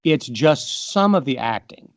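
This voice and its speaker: Middle-aged guy co-hosting, firm opinions, mid pitch, dry close mic. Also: animated, a little slow, no echo. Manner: opinionated, makes points with examples. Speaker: podcast co-host. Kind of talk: casual movie discussion.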